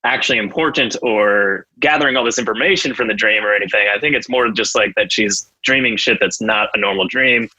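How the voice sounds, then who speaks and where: A man's voice: on the low side, a little fast, few pauses, sharp tone, breathy edge, highs cut off. A man hosting a podcast in casual chat, telling stories and laughing at them often. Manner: chatty, laughs at his own stories. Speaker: podcast host.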